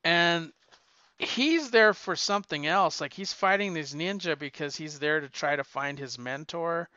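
Chatty rambling man, bright clear voice. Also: fairly high pitch, no room sound, muffled recording. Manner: rambling, halting with restarts and fillers. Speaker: podcast co-host reviewing comics. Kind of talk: casual chat.

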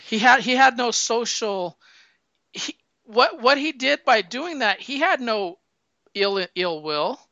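Animated man in casual chat. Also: extremely high pitch, takes it slowly, no echo. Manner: animated storyteller, acts out quotes. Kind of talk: casual film discussion. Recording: dull lo-fi sound.

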